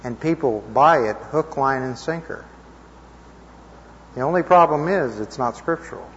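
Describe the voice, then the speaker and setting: A man giving an informal Bible teaching to a live group, conversational and checking in with his listeners, his voice a little hoarse. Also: mid-range voice, animated, unhurried, a little hiss or hum. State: slightly hoarse. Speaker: preacher teaching a class. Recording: dull lo-fi recording in a reverberant hall.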